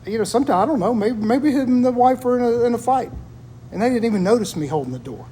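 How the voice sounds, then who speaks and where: Earnest high-voiced man chatting. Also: expressive, fast, mellow, slight background noise. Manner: earnest, reflective storytelling. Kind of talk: casual chat.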